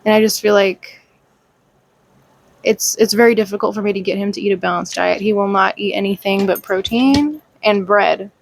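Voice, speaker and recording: A woman's voice: medium pitch, fairly even intonation, normal speed, vocal fry. A woman vlogging casually at home in her kitchen, chatty and cooing at her dogs. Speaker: vlogger, animal rescuer. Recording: noisy home recording.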